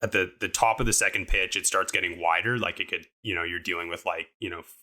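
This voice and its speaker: A man's voice: low-pitched, steady tone, fast talker, sharp tone. A young man casually recounting a climbing trip in a podcast interview, upbeat and rambling with lots of fillers. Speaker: podcast co-host and guest recounting a climbing fall.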